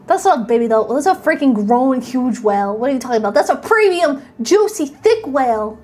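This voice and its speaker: A woman with a high, light voice chats playfully with her live audience. She rambles in a bubbly way, thanks viewers by name and hypes them up. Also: sing-song, brisk, a little mellow. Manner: bubbly, playful, reads and thanks chat, sometimes squeals. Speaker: streamer. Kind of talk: casual live-stream chat.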